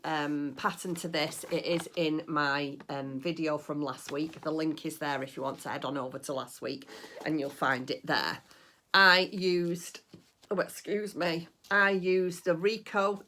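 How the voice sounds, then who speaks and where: Middle-aged woman, low voice, chatty home crafting vlog, rambles and gushes. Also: a bit bright, a little hiss or hum. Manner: chatty, rambling, gushing with delight. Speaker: crafting vlogger. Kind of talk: casual chat.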